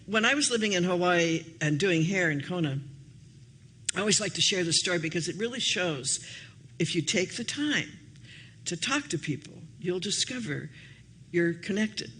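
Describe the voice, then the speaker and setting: Older woman pastor, chatty storyteller, voice swooping up and down, bright tone. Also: normal speed, slight background noise. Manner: chatty and anecdotal, with lively shifts in pitch. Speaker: minister. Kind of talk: storytelling sermon. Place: church hall.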